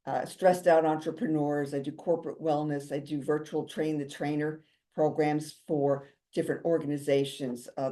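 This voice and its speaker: A woman giving a motivational talk as a drum therapist and speaker, chatty and jokey, with a calming, soothing voice. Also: low-pitched.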